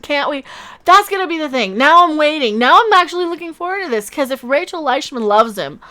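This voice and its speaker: A woman's voice: sits high, fairly bright tone. A woman hosting a live-stream commentary, sarcastic and mocking, laughing often as she reacts to her chat. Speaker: online commentary host.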